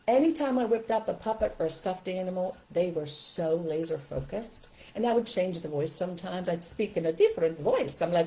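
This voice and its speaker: An older woman teaching a live video lesson as a parenting coach, animated and chatty. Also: medium pitch, normal speed.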